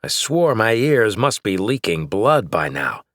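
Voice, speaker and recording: A man narrating an action novel in first person, in a steady, measured way. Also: on the low side, no room sound, studio quality. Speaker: audiobook narrator.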